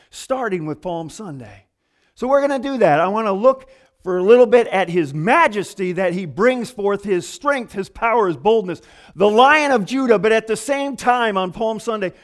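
A man preaching a sermon in an animated, conversational way, acting out quoted voices and pausing to restart his thoughts. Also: very high-pitched.

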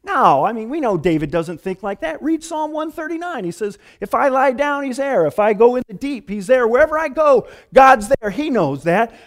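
A male pastor with a notably high voice delivers a casual, folksy sermon. He talks like he's chatting with friends, with lots of "man" and "you know". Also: big pitch swings, moderate pace, hardly any pauses. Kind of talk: conversational sermon.

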